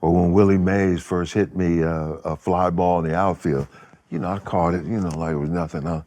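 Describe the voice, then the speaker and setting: A man's voice: low-pitched, a little fast. A man in his seventies telling stories as an interview guest, acting out quotes and laughing as he goes. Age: 70s. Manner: animated storyteller who acts out quotes and laughs. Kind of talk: casual interview storytelling.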